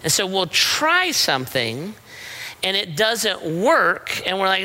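A man's voice: sits high, wildly swooping pitch, slow, bright, forceful tone, poor audio. A middle-aged man giving a conversational sermon as pastor, telling stories and checking in with rhetorical questions. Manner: storytelling with frequent rhetorical "right?" checks.

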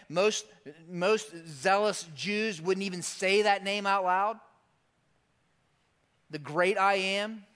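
A man's voice: high voice, a bit bright. A male pastor preaching a sermon in a conversational, emphatic way.

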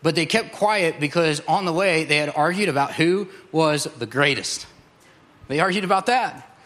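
A male pastor preaching a passionate sermon, slowing down to drive points home. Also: a little high, fairly bright tone. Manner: passionate, slows down for emphasis.

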